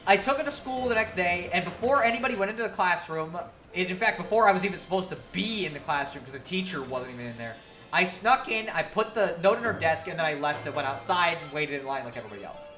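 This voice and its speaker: A woman's voice: on the low side, lively intonation, quick pace, fairly bright tone, faint music behind. A woman streamer telling a long story in a casual, profane, laughing way.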